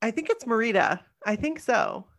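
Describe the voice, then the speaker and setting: A woman's voice: on the high side, wildly swooping pitch, normal speed, vocal fry, a bit bright, no room sound. A woman co-hosting a podcast in casual chat, tired and rambling, correcting herself as she goes. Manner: chatty, rambling, self-correcting. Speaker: podcast co-host.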